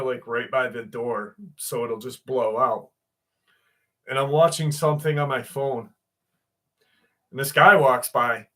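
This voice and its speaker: A man's voice: medium pitch, fairly bright tone. A man chatting casually on a livestream panel, rambling through a story with fillers and swearing. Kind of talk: casual chat.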